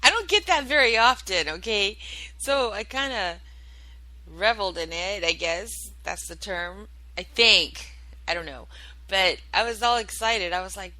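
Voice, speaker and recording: A woman hosts her own internet radio show, talking loosely and chattily with plenty of fillers and an offhand curse now and then. Her voice is bright and sharp, and her pitch sits at an ordinary level. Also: expressive, measured pace, no echo, rough recording. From United States. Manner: rambling and chatty, with many fillers and swearing. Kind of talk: casual solo chat, answering listener chat.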